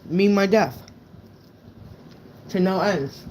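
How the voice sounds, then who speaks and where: A man's voice: sits high, very slow, slight background noise. A young man casually telling a true story on a live stream, rambling and swearing, with lots of "right?" fillers.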